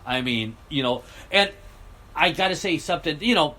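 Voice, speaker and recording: A man's voice: fairly high pitch, lively intonation, normal speed, pushed and bright, poor audio. A man ranting bluntly and sarcastically about politics, rambling on in a heated vlog. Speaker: political vlogger. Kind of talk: rambling rant.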